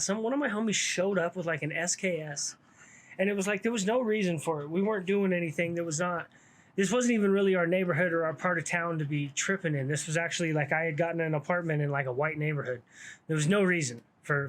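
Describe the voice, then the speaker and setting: Man, casual slangy storyteller, slightly high voice, loose street talk, swearing. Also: fairly bright tone. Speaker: vlogger telling his own story.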